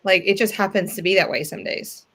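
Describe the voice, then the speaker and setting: A woman's voice: medium pitch, fairly quick, fairly bright tone. A woman in a casual group chat, agreeable and chatty.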